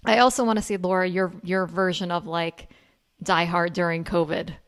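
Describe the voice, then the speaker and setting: A woman co-hosts a casual movie chat, eager and full of fillers. Her voice sits a bit low with a gravelly fry. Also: steady tone, moderate pace. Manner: enthusiastic, filler-heavy. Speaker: podcast co-host.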